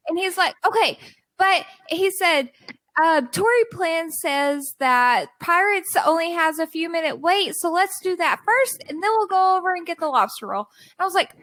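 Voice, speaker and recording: A woman's voice: extremely high pitch, moderate pace, no room sound. A woman podcast guest telling a long story in casual, exasperated style, acting out the people in it. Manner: animated, exasperated storytelling with quoted dialogue.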